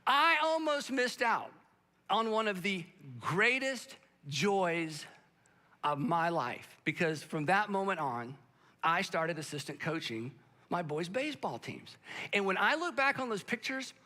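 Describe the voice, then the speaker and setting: A man's voice: high-pitched, big pitch swings, unhurried, sharp tone. A middle-aged male pastor preaching a sermon, telling a story and joking with the congregation. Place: church auditorium. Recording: long reverb of a large church hall.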